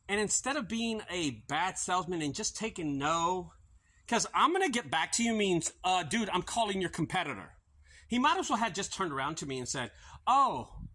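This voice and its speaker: A man's voice: high voice, sharp tone, a little hiss or hum, poor audio. A middle-aged man who owns a junk removal business, speaking casually to camera outdoors and acting out both sides of a sales conversation. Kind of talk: casual talking-to-camera vlog.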